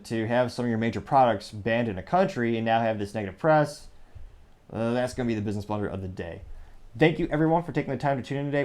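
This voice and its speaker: Male host from the US, mid-pitched, dry sarcastic commentary voice. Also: darkish tone. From United States. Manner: sarcastic, joking asides. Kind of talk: casual commentary monologue.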